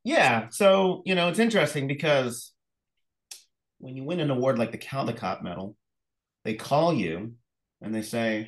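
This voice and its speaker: A middle-aged man, an author and illustrator, talking as an interview guest, telling lively stories full of fillers and acted-out phone calls. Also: medium pitch, normal speed, pauses often, rough recording. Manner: animated storyteller, acts out phone calls, many fillers. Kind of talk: casual interview conversation.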